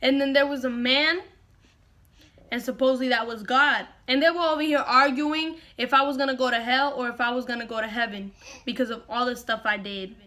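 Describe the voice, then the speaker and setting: A woman's voice: fairly high pitch, sharp tone. A young woman vlogger dramatically retelling a personal story to camera, repeating lines for effect.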